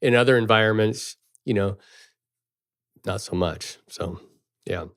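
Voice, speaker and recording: A man's voice: on the low side, measured pace, no room sound, studio quality. A man co-hosting a podcast, speaking earnestly and hesitantly with frequent restarts in casual conversation. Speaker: podcast co-host.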